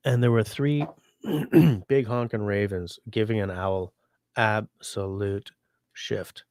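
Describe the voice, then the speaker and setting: A man's voice: on the low side, slow. Rambling sick man on a livestream. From Canada. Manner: rambling, relaxed, reads viewer comments aloud. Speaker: livestream host. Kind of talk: casual livestream chat.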